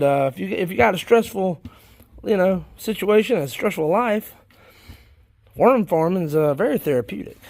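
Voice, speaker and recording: A high-voiced man from South Carolina, United States, films his worm bins and talks in a rambling, folksy way, getting excited easily as he chats casually for his worm farming vlog. The sound is clean, studio-like and echo-free.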